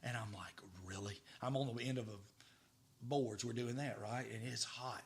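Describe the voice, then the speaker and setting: A middle-aged man, a podcast guest telling stories in a lively way, repeating words as he goes. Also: mid-range voice, normal speed. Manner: animated, stammering repeats, acts out dialogue. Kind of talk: casual storytelling.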